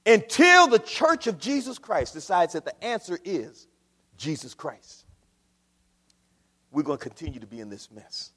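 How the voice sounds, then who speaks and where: High-voiced preacher in a hall. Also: male voice, big pitch swings, a little slow. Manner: swings from low asides to loud preaching shouts. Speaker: pastor. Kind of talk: sermon. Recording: long hall reverb.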